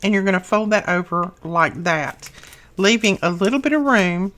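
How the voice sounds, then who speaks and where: A woman's voice: medium pitch, moderate pace, a bit bright. A woman hosting a casual craft tutorial, talking through each step in a chatty, homely way with small asides.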